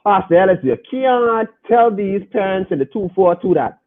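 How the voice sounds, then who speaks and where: A man's voice: high voice, moderate pace. Earnest man on a phone-like line. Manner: earnest, preacher-like, repeats phrases for emphasis. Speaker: podcast host reading viewer comments. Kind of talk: casual live-stream talk. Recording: phone-like lo-fi audio.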